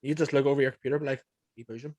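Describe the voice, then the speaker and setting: A man's voice: medium pitch, little pitch movement, racing, darkish tone, no echo, highs cut off. A young man with a Northern Irish accent hosting a podcast, telling stories with plenty of swearing and acted-out quotes. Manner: swearing, acts out quotes in anecdotes. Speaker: podcast host. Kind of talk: casual chat.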